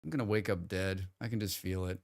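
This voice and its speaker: A man's voice: low voice, fairly quick, gravelly. A man streaming a game live, chatting casually with his viewers in a rambling way and often restarting his sentences. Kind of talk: casual livestream chat.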